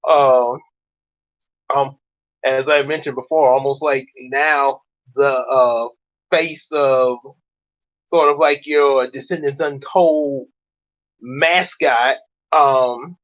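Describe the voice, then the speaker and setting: A man hosting a casual reaction chat, rambling and halting with many restarts. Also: mid-range voice, steady tone, fairly bright tone, lo-fi sound. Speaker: host.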